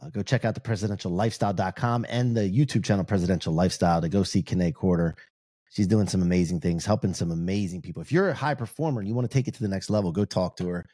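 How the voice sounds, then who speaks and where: A man's voice: sits low, fast, warm tone. A man hosting his own podcast, chatting casually with a guest in a laid-back, slangy, enthusiastic way. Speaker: podcast host.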